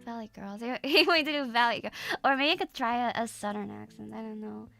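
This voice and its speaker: Young woman, casual streamer chat, rambling with fillers, bright voice, faint music behind. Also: fairly high pitch, a little fast, vocal fry. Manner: rambling and hesitant, many restarts and fillers.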